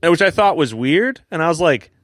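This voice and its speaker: A young man co-hosting a podcast, telling a long story in casual chat, rambling with many fillers and quick laughs. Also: fairly high pitch, big pitch swings, no room sound, clean studio sound. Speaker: podcast co-host.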